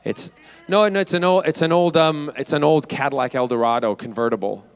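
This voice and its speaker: A man's voice: fairly high pitch, fairly quick, a little hiss or hum. A man, answering fan questions on a convention panel in a playful, chatty way. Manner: playful, chatty, self-teasing. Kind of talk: casual Q&A with fans. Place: convention hall stage.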